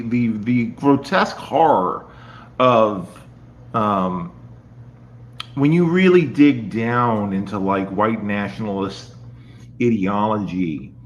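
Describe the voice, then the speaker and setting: A man in a played clip speaking haltingly, stammering with many fillers. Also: lowish voice.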